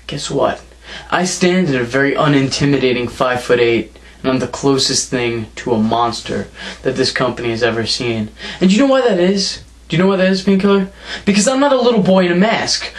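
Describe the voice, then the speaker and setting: Taunting young man cutting a wrestling promo. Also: mid-range voice. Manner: taunting, mocking, trash-talking.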